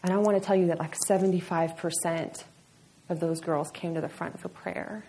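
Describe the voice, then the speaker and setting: A woman's voice: lowish voice, fairly even intonation, normal speed, warm tone. A woman speaks to a church gathering in a loose, chatty way, laughing at herself as she talks. She holds a small handheld mic in a hall. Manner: chatty, laughing, self-deprecating. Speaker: conference speaker. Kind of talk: casual talk to a church audience.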